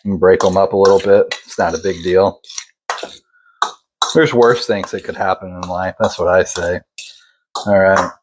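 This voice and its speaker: A man's voice: deep voice, steady tone, normal speed, long pauses, noisy background. Laid-back man hosting a cooking vlog. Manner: laid-back and self-deprecating, chatty asides. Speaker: cooking channel host.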